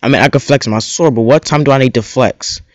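A young man giving casual, excitable gameplay commentary as a gaming video host, trash-talking other players in slang. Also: medium pitch, a little fast, no room sound, lo-fi sound. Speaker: gaming YouTuber. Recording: loud game music behind. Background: loud game music.

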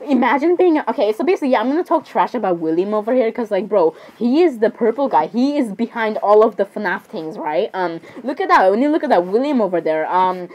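A young woman giving excitable, dramatic casual commentary, often repeating exclamations and laughing. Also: on the high side. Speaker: narrator voicing characters.

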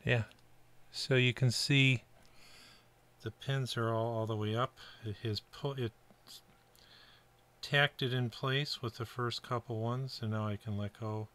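A man's voice: medium pitch, fairly even intonation, a little slow, fairly bright tone. A middle-aged man from the Buffalo, New York area, narrating his kit build in a chatty, rambling way with fillers. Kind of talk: casual workbench narration.

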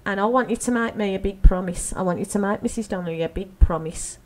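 A woman's voice: medium pitch, fast talker. A woman presenting a local radio show in a chatty, teasing way, with frequent ums. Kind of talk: casual radio chat.

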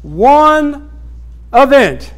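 High-voiced pastor preaching slowly. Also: male voice, sing-song. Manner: preaching with call-and-response asides; acts out scripture scenes in quick bursts. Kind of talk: sermon.

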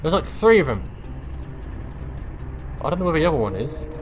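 Excitable man yelping through gameplay commentary. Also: fairly high pitch, normal speed, a little hiss or hum. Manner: excitable, yelps and swears when startled; talks to himself and the viewers. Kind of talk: let's-play commentary.

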